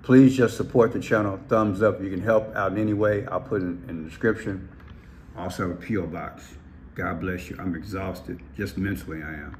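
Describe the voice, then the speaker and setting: A man's voice: sits low, fairly even intonation, moderate pace, a little mellow, slight background noise. A man talking to his viewers in casual commentary, emphatic and repeating phrases. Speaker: vlogger.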